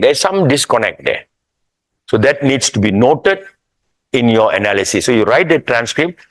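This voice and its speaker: A man's voice: medium pitch, no echo, rough recording. A man giving a casual, rambling lecture at a workshop, often checking that the audience follows him. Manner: rambling, conversational, with restarts and asides. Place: hotel workshop room.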